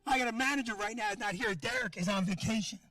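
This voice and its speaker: A man's voice: sits high, fast, dry recording, distant mic. A man doing a profane, brash stand-up comedy set in a club, working the crowd and acting out conversations. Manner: brash, profane, acts out quoted dialogue and shouts.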